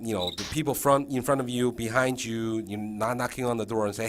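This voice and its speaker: A man's voice: medium pitch, steady tone, fairly quick, background noise. A man training a new teacher in a casual session, checking in often with frequent fillers and restarts.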